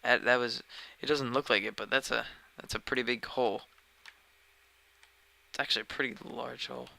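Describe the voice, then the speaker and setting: A man's voice: medium pitch, steady tone, moderate pace, vocal fry, bright, forceful tone, poor audio. A man live-streaming a game, chatting casually and rambling, often sidetracked mid-sentence, recorded at home on a dedicated microphone. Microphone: dedicated desk microphone.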